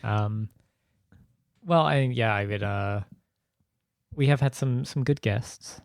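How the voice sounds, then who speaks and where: Podcast host guy, gravelly, rambling and giggly, dry close sound. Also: medium pitch, slow pace, no room sound. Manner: rambling, giggly, full of fillers and restarts. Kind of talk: casual podcast chat.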